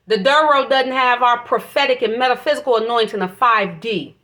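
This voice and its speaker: A woman vlogger with a slightly high, bright, forceful voice delivers an emotional, preachy spiritual monologue. Her voice catches as she talks, and she swears freely.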